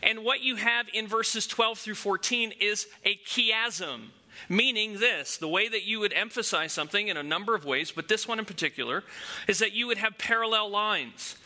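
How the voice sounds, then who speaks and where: Male pastor, higher register, very bright tone, conversational teaching sermon with rhetorical questions. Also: normal speed.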